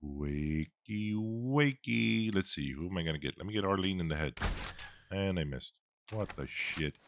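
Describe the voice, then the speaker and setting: A man's voice: low voice, fairly quick, fairly bright tone, a little hiss or hum. A man commentating his own gameplay, reacting, joking and swearing as he fights. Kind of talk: let's-play commentary.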